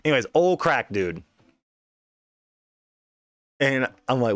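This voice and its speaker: A man's voice: medium pitch, animated, normal speed, long pauses, fairly bright tone, no echo, clean studio sound. A man telling a story in a casual, rambling, profane way, often saying "you know what I mean". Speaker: podcast host.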